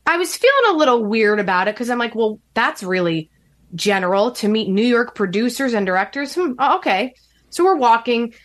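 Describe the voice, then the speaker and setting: Lively woman telling a story. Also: a little fast. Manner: animated, acts out quotes with shifting pitch. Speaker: podcast guest. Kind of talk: casual storytelling.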